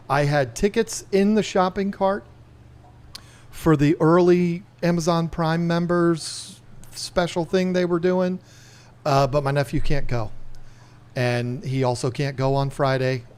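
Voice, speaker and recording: A man's voice: fairly high pitch, a little slow, darkish tone, clean tone. Chatty man hosting a livestream. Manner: chatty, rambling, talks to camera and chat. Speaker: livestream host. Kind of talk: casual livestream chat.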